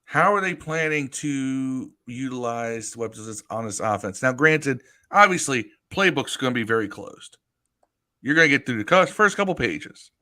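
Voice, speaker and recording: A man co-hosting a podcast, talking sports in an animated, storytelling way with casual swearing. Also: mid-range voice, normal speed. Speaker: podcast co-host. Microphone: live stream podcast mic.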